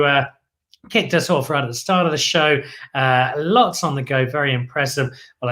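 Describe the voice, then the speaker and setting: A man's voice: fairly high pitch, fairly bright tone. A man from Zimbabwe hosting a wine show, wrapping up with viewer comments and an enthusiastic sign-off that repeats words for emphasis. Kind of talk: live show wrap-up and sign-off.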